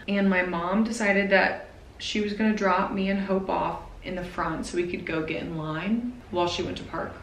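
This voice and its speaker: A woman in her twenties talking to camera in a personal vlog, nervous and emotional, speaking haltingly. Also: fairly low pitch, fairly even intonation, reverberant, slight background noise, rough recording. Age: 20s. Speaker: vlogger.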